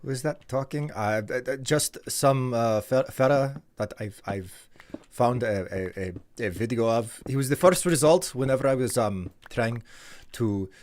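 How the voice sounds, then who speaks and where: A man's voice: medium pitch, unhurried, a little mellow. A man streaming live, chatting casually with viewers, often hesitating and restarting his sentences. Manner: hesitant, restarts and repeats words.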